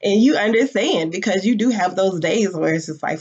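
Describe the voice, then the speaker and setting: A woman's voice: medium pitch, animated, a little fast, a little mellow, breathy edge. A woman in her forties telling a personal story candidly and emotionally, with casual swearing. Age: 40s. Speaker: business founder. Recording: dull lo-fi audio.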